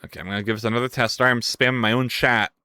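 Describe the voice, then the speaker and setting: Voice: mid-range voice, fairly even intonation, rapid-fire, pushed and bright, smooth, no room sound. A live streamer thinking aloud while coding, who is playful with viewers and yelps and swears when things break. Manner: playful, chats with viewers between tasks.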